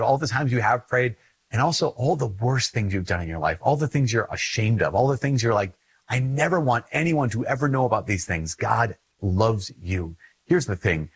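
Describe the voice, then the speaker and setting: In a fairly low, husky voice, a Catholic priest with a Minnesota accent, from Minnesota, USA, offers a sincere, conversational talk on faith, often repeating phrases for emphasis. The audio is poor but free of echo.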